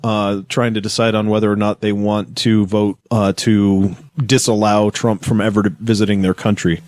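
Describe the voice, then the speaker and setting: A man's voice: lowish voice, flat delivery, a little mellow, dry recording. A man co-hosting a podcast, often chiming in with short remarks during casual chat. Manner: chatty, quick to interject. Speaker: podcast co-host.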